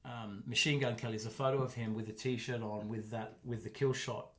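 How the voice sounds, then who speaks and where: A man's voice: medium pitch, fairly even intonation, brisk. A middle-aged man, co-hosting a podcast in rambling, joking casual chat full of restarts. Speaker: podcast co-host.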